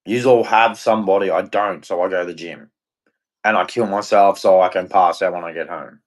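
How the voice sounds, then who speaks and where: A man's voice: low-pitched, fairly even intonation, fairly quick. A man hosting a livestream, ranting in a rambling, frustrated and heartfelt way. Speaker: livestream host. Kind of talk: casual ranting monologue.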